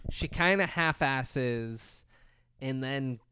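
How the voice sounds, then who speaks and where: A man hosting a podcast, recapping a film in casual, animated, profane storytelling. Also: medium pitch, very slow, smooth. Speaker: podcast host.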